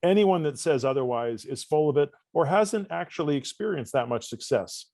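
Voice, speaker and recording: A man, a coach guest on a podcast interview, telling stories with lively, acted-out dialogue in a casual conversational way. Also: a little high, moderate pace, no room sound. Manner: animated storyteller, acts out dialogue.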